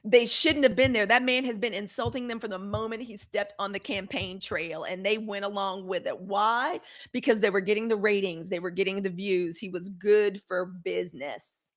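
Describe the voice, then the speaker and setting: A woman's voice: medium pitch, fairly even intonation, normal speed. A middle-aged woman hosts a live news commentary stream, blunt, sarcastic and fiery, swearing freely and answering viewer comments. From United States. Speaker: host of a daily live news commentary show.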